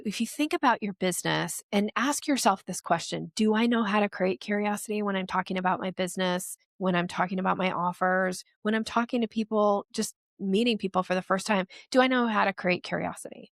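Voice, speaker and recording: A woman sales strategist speaking as a podcast guest, explaining in a lively way and acting out the voices she quotes. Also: medium pitch, fairly quick, gravelly, hardly any pauses, no echo, studio quality.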